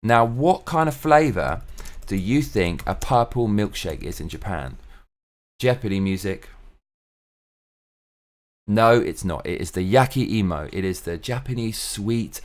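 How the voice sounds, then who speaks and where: A man's voice: fairly low pitch, very animated, normal speed, few pauses. A young man hosting his own show, talking in a casual solo monologue that is profane, ranting and opinionated. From England. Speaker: show host.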